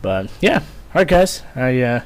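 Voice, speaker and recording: A man's voice: mid-range voice, very animated, measured pace. A young man casually telling a rambling, profane story, full of fillers and swearing. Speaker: vlogger, former Marine.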